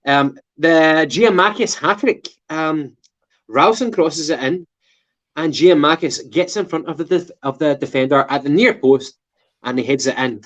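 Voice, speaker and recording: A Scottish man chatting about football on a podcast, his voice sitting a touch high. He swears freely and restarts his sentences. The recording sounds dull and lo-fi. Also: unhurried, fairly bright tone. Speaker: podcast co-host. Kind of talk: casual football chat.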